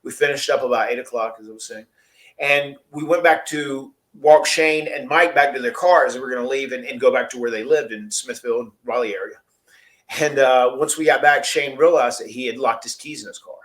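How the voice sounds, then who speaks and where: A man's voice: medium pitch, fairly even intonation, brisk, a bit bright. A man hosting a podcast, telling a long story casually, rambling and laughing often. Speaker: podcast host.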